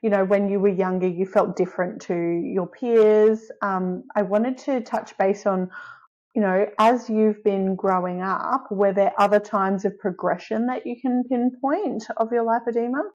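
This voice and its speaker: A woman interviewer with a mid-range voice, asking friendly follow-up questions and affirming her guest. The recording sounds dull and lo-fi, with muffled highs. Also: fairly even intonation, measured pace, darkish tone. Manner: supportive, asks reflective follow-ups.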